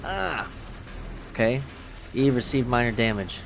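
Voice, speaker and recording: A man's voice: on the low side, fairly even intonation, moderate pace, a little hiss or hum. A man streaming a horror game, reading its text aloud with crude, joking asides. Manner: profane, joking asides between narration. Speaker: gaming streamer.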